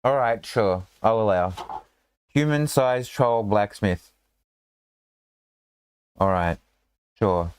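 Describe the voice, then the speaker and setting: A man's voice: on the low side, slow pace, pauses often, clean tone. A man running a tabletop game as game master, in a rambling, casual way full of fillers and restarts.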